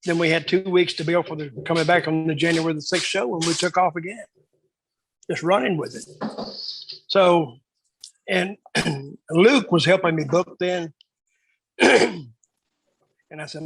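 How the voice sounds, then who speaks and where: Pausing often and speaking a little slowly, a man with a fairly high, fairly bright voice and a breathy edge rambles through backstage stories in a casual interview. He acts out the lines of the people he describes, and the recording is low quality.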